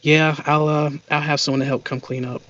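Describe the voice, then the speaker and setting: A man's voice: on the high side, little pitch movement, a little fast, a bit bright, close to an everyday voice. A man voicing a polite guild guide woman. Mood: welcoming. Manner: friendly, tour-guide explaining. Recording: dull lo-fi audio.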